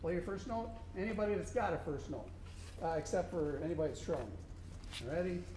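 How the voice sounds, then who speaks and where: A man with a high, mellow voice speaks fairly quickly with lively intonation. He's a contest judge coaching a student band in an instructional clinic, singing rhythms aloud to demonstrate. The room is echoey with faint background noise.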